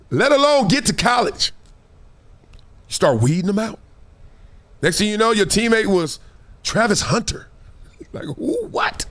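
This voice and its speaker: A man hosting a sports talk show, talking in an animated, slangy monologue and acting out what other people say. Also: sits high.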